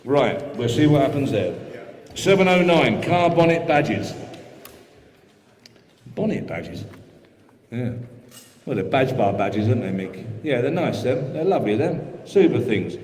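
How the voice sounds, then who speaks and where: A man calling a live auction, rattling off bids in quick rhythmic runs and chatting between lots. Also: mid-range voice, sing-song, a little mellow. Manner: rapid rhythmic bid calling with chatty asides. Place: auction hall. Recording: echoey hall with long reverb.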